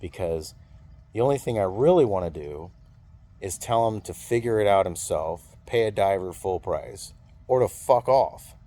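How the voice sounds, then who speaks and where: A man's voice: low-pitched, animated, normal speed, dark tone. A man telling a story in a casual venting monologue, rambling and swearing freely. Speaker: vlogger venting.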